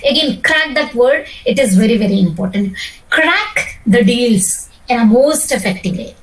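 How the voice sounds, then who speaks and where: A high-pitched, middle-aged woman coaches a student through interview preparation. She explains patiently, stresses key words and restarts her sentences often. Her voice sounds a little distant from the microphone. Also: animated, moderate pace. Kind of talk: one-on-one coaching session.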